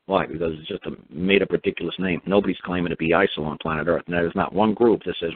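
A man with a very low voice rants in a sarcastic, rambling way, slipping into mock back-and-forth exchanges. He heard through a thin, tinny phone line with a dry, close sound. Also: fairly even intonation, fast talker, few pauses, breathy edge, no room sound. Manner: sarcastic, mock dialogues, many restarts and fillers. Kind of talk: casual ranting monologue.

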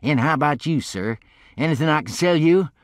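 A fawning, oily boat salesman, voiced by a male audiobook reader, pitched well above his own voice. He talks in a smarmy, ingratiating way, and his tone leaps up and down as he pitches. It is read dry and close, with no room sound. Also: expressive, a little fast, dry recording, natural voice. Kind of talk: audiobook character voice.

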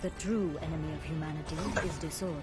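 A woman voicing a calm, precise female game hero who loves order, speaking in cool, measured, formal lines. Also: low-pitched, close to an everyday voice. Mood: cold. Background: game music.

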